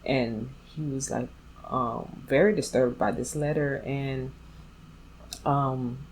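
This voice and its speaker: A woman's voice: very deep voice, fairly even intonation, slow, slight background noise, poor audio. A woman vlogger telling a personal story in a candid, blunt way, speaking straight to her viewers. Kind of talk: storytime vlog.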